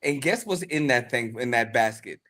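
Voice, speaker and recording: A man's voice: mid-range voice, lively intonation, normal speed, sharp tone. A man co-hosting a podcast, talking in a casual chat with emphatic, preacher-like repetition. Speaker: podcast co-host.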